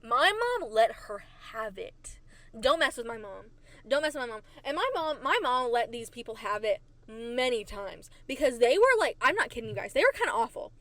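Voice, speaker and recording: A woman hosting a podcast, telling stories from her childhood in a chatty, animated way and repeating phrases for emphasis. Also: on the high side, normal speed. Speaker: podcast host. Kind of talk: casual storytelling. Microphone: desk microphone.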